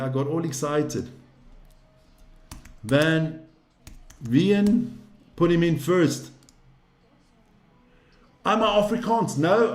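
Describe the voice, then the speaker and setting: A man hosting a casual live stream, rambling, swearing freely and getting excitable. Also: sits high, roomy sound.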